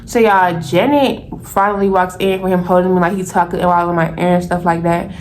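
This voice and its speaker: A young woman in her twenties telling a personal story to her viewers in a lively, casual way, calling them y'all. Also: lowish voice, fairly quick, slight background noise. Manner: animated, talks straight to viewers as y'all.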